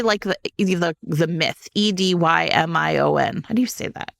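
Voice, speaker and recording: A woman on a chat podcast tells a book's story with lively energy, acting out the characters' lines as she goes. Her voice has a gravelly edge and is recorded dry and close. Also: low-pitched, normal speed, hardly any pauses, no echo. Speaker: podcast co-host. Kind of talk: casual chat about books.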